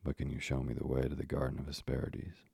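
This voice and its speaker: A man reading a storybook, voicing a bold young hero who shouts back defiantly. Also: rumbling low, completely flat delivery, fast talker, creaky, slightly rough, no room sound, studio quality, heavily acted. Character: bold young male hero, quick to anger.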